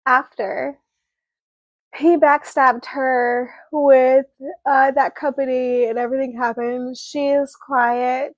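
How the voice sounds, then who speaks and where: A woman with a high voice co-hosts a book club, talking through the plot in a casual, animated way. She speaks slowly and deliberately. The sound is dry and close, with no room echo. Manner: animated retelling, acting out character lines.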